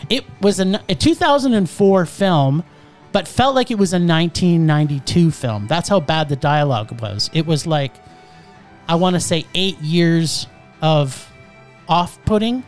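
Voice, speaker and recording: A woman's voice: on the low side, animated, measured pace, a little mellow, soft background music. A woman hosting a casual film-review chat, ranting with exasperation and swearing. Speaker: podcast host reviewing films.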